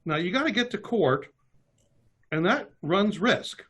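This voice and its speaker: A man's voice: high voice, animated, a little slow, a bit bright, breathy edge. A man from Kentucky hosting a webinar, casually explaining legal text and reading it aloud with asides.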